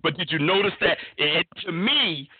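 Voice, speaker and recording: A man hosting a casual sports talk show, telling stories in an animated way with many restarts. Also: fairly high pitch, moderate pace, slightly rough, dry recording. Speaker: podcast host. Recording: dry, phone-like line.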